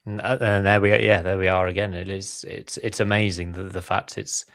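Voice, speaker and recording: A man's voice: low voice, level tone, a little fast, creaky, a bit bright, dry recording, studio quality. A man hosting a casual football podcast, chatty and enthusiastic, steering the conversation. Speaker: podcast host.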